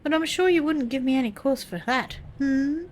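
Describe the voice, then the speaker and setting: A woman's voice: high-pitched, moderate pace, a little hiss or hum, pitched above the performer's own voice, natural voice. A woman voicing an evasive late-middle-aged librarian in a game, speaking in a sugary way and calling people dearie, with game music behind. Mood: sweetly warning.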